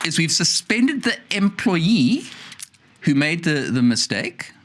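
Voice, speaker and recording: A middle-aged man, a political guest on a podcast, explaining a policy issue in an animated way and mimicking officials' words. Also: a little high, takes it slowly. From South Africa. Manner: explanatory, animated, quotes officials in mock voices. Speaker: energy spokesperson guest. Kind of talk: podcast discussion.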